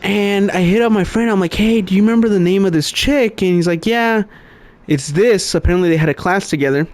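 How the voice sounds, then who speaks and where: A man's voice: high voice, a little fast. A young man co-hosting a podcast, telling a long story in casual chat, swearing constantly and laughing often. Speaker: podcast co-host.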